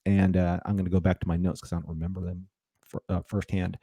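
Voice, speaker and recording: A man's voice: deep voice, level tone, fast, mellow, slightly rough, no room sound. A man co-hosting a casual review discussion, rambling and restarting his sentences often. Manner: rambling, repeats words, frequent restarts. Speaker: podcast co-host.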